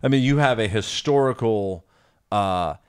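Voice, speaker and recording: A man co-hosting a casual Bible discussion podcast, reading scripture aloud and then explaining it haltingly with many pauses and restarts. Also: on the low side, smooth, no echo, clean studio sound. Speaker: podcast co-host.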